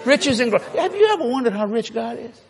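A man preaching a sermon, telling a funny story with laughter and sudden shouts. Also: very high voice, fast talker, vocal fry, a faint crowd. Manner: animated, laughing, bursts into shouts.

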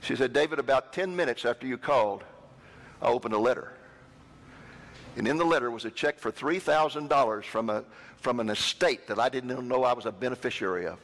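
A man preaching a sermon, telling a personal story with lively quoted voices. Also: mid-range voice, a little fast. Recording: long hall reverb.

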